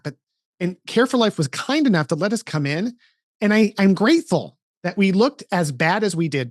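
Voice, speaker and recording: Animated man telling a story, dry sound. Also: a little high, dry recording. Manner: animated storytelling with frequent restarts. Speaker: podcast host. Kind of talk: casual podcast conversation.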